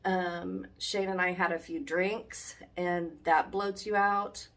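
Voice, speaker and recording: A woman's voice: fairly low pitch, fairly even intonation, slow pace, a bit bright. A woman chatting casually to her phone camera, rambling with many ums, talking at home and later outdoors on a walk. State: a little out of breath. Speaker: vlogger. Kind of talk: casual vlog chat. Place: home indoors, then outdoors on a run. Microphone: handheld phone.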